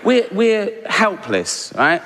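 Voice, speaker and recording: English stand-up, older man, sardonic chatty delivery, slightly high-pitched, long hall reverb with clear crowd noise behind. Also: wildly swooping pitch, slow pace, fairly bright tone. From England. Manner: sardonic, conversational, tags lines with "right?". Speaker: stand-up comedian. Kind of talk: stand-up comedy routine. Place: large theatre stage before a live audience.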